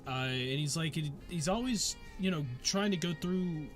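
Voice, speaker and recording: A man's voice: a little high, normal speed, faint music behind. A man narrating as game master of a tabletop game, rambling with many fillers. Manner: rambling, full of "like" fillers and laughs.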